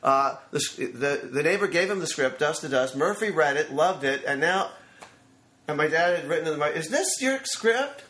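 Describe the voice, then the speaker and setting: A man's voice: a little high, fairly quick, roomy sound. A man in his fifties, a screenwriter guest telling stories on a studio mic, acting out the voices of people he quotes. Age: 50s. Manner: animated storyteller who acts out quotes. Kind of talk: anecdotal storytelling interview. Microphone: studio microphone.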